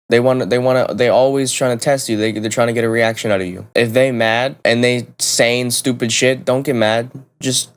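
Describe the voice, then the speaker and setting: A man's voice: medium pitch, smooth. A young man talks casually to camera in a blunt, profane, rambling way, often restarting his sentences. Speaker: vlogger.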